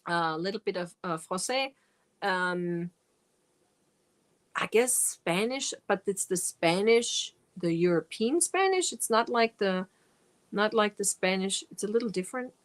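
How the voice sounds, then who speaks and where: Slow-talking woman, chatty host. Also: medium pitch, lively intonation. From Germany. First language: German. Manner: chatty, rambling, laughs often, reads and answers comments. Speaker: crochet channel host. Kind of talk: casual live-stream chat with viewers.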